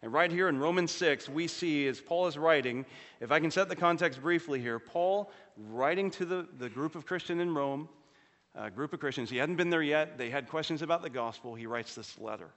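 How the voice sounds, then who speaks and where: A man preaching a sermon as pastor, earnestly rising for emphasis and dropping to a low, quiet voice on solemn points. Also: normal speed. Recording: long hall reverb.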